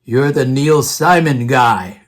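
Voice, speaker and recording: A man's voice: mid-range voice, slow pace, voice pushed down, close to an everyday voice. A man imitating an old male theater professor with a Russian accent, brusque in manner. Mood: fond.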